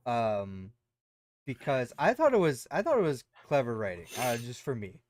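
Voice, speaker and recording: A man's voice: mid-range voice, wildly swooping pitch, moderate pace, a little hiss or hum. A man co-hosting a podcast, casually recapping a show in a rambling way with lots of fillers. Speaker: podcast co-host.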